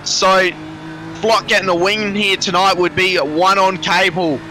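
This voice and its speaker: Excitable high-voiced race caller. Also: male voice, measured pace. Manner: excitable, rambling, breathless. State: out of breath. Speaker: sim racing commentator. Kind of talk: live race commentary. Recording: noisy background.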